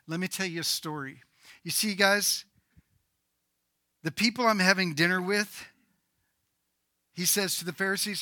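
A man preaching a sermon as pastor, swinging between loud emphatic bursts and low, quiet passages. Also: normal speed, pauses often, dry recording, studio quality.

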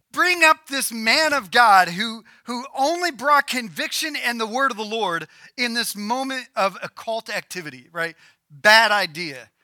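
A man preaching a sermon, retelling a scripture story with animated, playful asides. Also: high voice, no room sound, studio quality. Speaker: pastor.

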